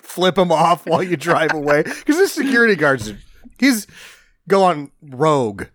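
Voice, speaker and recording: Man, podcast co-host, sarcastic, swears a lot, slightly high voice. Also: big pitch swings, measured pace, fairly bright tone, no echo, clean studio sound. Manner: sarcastic, swears freely, jokes. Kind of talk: casual movie-review chat.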